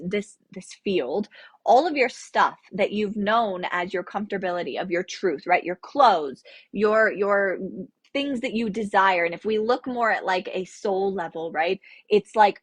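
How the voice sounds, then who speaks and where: Woman, young adult, breathy, dry close sound, casual live-stream talk, animated, laughs a lot. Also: mid-range voice, dry recording. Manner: chatty, animated, laughs often, addresses viewers with "okay?". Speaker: spiritual teacher hosting a live stream. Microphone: headphone mic.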